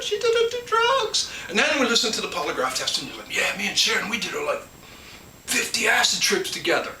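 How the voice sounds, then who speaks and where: A man with a bright, lively voice rambles through a casual monologue, full of restarts and asides. He sits some distance from the mic in an echoey room. A faint hum of ambience runs underneath. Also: high voice. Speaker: collector and channel host.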